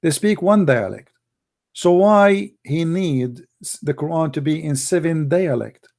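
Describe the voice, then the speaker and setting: A man with an Arabic accent, a native Arabic speaker from the Middle East, hosting a live debate show in a mocking, emphatic and forceful way. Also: fairly high pitch, lively intonation, a little slow, gravelly. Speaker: apologetics show host.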